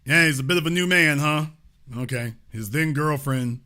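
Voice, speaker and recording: High, bright-voiced emphatic male host. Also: normal speed, smooth. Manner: emphatic, repeats points, asks pointed rhetorical questions. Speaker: commentary show host. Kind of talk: reading and commenting on news articles.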